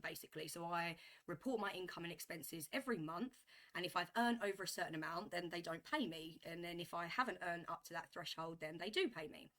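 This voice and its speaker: A woman telling a story to camera in a vlog, animated and emphatic, repeating herself as she builds a point. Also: fairly low pitch. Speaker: vlogger.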